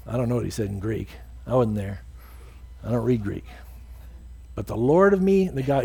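A man preaching a sermon as pastor and leading a closing prayer in a church, earnest, acting out quoted speakers in a higher voice. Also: expressive, moderate pace, dark tone, husky.

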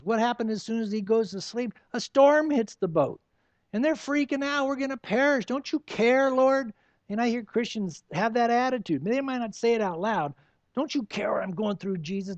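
Man, pastor, high voice, earnest pleading sermon, dry slightly muffled sound. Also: darkish tone, no echo. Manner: earnest, pleading preaching with rhetorical questions.

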